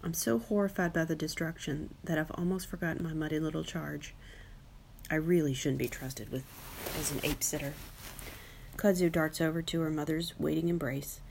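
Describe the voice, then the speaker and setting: A woman narrating a children's audiobook in a lively, wry first-person style, giving each character a voice. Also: low voice, normal speed, gravelly, slight background noise. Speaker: audiobook reader.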